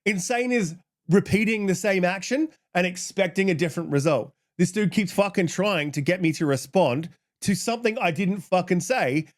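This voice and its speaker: A man hosting his channel, ranting heatedly about an online argument, swearing a lot and reading out tweets in a flatter voice. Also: sits high, normal speed. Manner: heated, profane, exasperated. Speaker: channel host. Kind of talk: ranting commentary.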